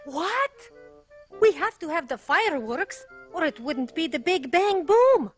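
A woman's voice: extremely high pitch, sing-song, unhurried, soft background music, exaggerated voice. A woman voicing a cheerful, bossy old grandmother clown in a cartoon, with old-country interjections. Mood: excited.

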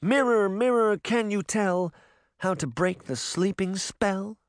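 Male reader as a high, imperious sorceress queen: cold, clipped, commanding. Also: slow pace, no room sound. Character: icy, imperious female sorceress, a former queen. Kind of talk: audiobook character reading.

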